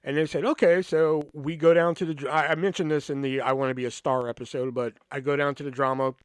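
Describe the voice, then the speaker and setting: A man's voice: a little high, fast talker, clear, resonant tone, no echo. A man hosting a podcast, telling a story in a rambling, casual way with constant swearing and "you know" fillers, acting out the people he quotes. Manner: acts out quoted people in lively voices. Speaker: podcast host.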